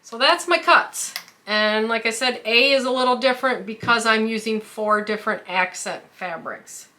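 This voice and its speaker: This quilting channel host speaks at a normal speed in a slightly high, pushed, bright voice. She guides viewers through a craft tutorial step by step with care, dropping in a filler here and there.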